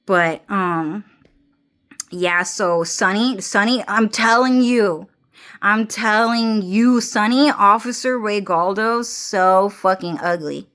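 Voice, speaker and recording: A young woman rambles into her phone's front camera in a casual vlog, her voice sitting in an ordinary middle pitch. She circles back on her own words again and again, drops swear words freely and laughs between lines. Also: takes it slowly, a bit bright. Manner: rambling, swears a lot, restarts and repeats phrases, laughs often. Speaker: vlogger.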